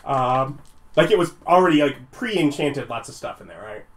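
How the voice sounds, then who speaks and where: Tabletop player, mid-pitched, chatty, with faint hiss behind. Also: lively intonation, normal speed. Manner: chatty, laughs often. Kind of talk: casual tabletop role-play.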